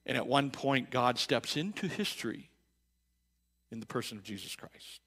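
Bright-voiced male pastor preaching conversationally. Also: medium pitch, animated, moderate pace, breathy edge. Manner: conversational preaching with frequent restarts and repeated words; swings from loud emphatic bursts to quiet reflective stretches. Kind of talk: sermon. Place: church sanctuary.

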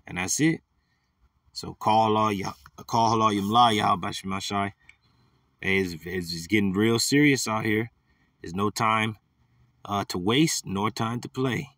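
Low-voiced preacher man, dry and distant. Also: measured pace, a bit bright, no room sound. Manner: emphatic, repeats words, rises for quoted verses. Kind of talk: street sermon with scripture reading.

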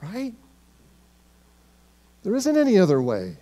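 A man preaching a sermon as pastor in a church, emphatic and swinging between loud declarations and hushed, quiet words. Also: high voice, huge pitch swings, takes it slowly. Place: church sanctuary.

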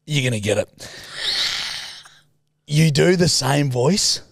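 A man's voice: a little high, animated, slow, creaky, no room sound, studio quality. A man hosting a podcast in casual chat, teasing and playful, laughing often. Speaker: podcast host.

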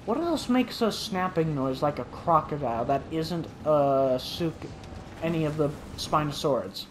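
A man's voice: fairly high pitch, lively intonation, measured pace, background noise. A man giving let's play commentary who talks to the dinosaurs on screen and yelps and shrieks when startled. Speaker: gaming commentator.

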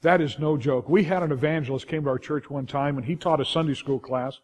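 Middle-aged california preacher guy, animated, keeps restarting, fairly high voice. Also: a little fast. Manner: animated, lots of restarts and asides to the congregation. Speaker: pastor. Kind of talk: sermon storytelling.

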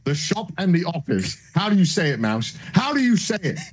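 A man's voice: high-pitched, big pitch swings, fairly quick, a little hiss or hum. A man streamer in casual banter, smugly teasing and mock-stern with his co-host.

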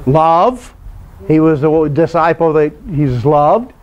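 In a lo-fi recording, a man with a fairly high, animated voice speaks slowly as he teaches a Bible class. He keeps it conversational, quizzing the group and often supplying the answers himself.

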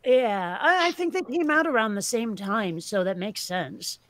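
A woman hosting a live stream in casual chat, rambling and quick to laugh. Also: a little high, lively intonation, no echo.

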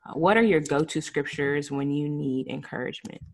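A woman's voice: low-pitched, fairly quick. Chatty woman podcast host. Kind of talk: casual podcast conversation.

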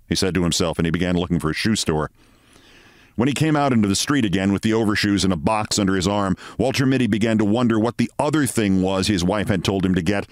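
Low-voiced man reading a story aloud. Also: no echo, studio quality. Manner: measured, expressive. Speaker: host.

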